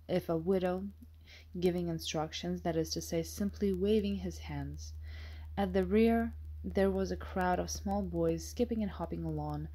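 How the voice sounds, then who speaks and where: Mellow, low-voiced woman narrating an audiobook.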